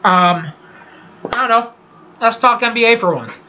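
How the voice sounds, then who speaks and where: A man's voice: very high voice, expressive, measured pace, pushed and bright, a little hiss or hum. A man hosting a casual solo sports podcast, rambling and swearing through his picks and opinions. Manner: profane, rambling sports rant. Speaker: podcast host. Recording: dull lo-fi recording.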